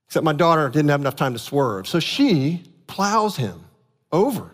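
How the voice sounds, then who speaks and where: A man preaching a sermon, telling a family story with animated outbursts and earnest explanation. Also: a little high, normal speed. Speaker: pastor. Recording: long hall reverb.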